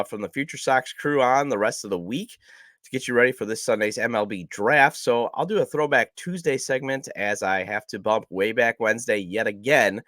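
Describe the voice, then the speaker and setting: A man's voice: mid-range voice, fairly bright tone, no echo, clean studio sound. A man hosting a casual sports podcast, chatty and self-deprecating, his voice nasal from a cold. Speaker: podcast host.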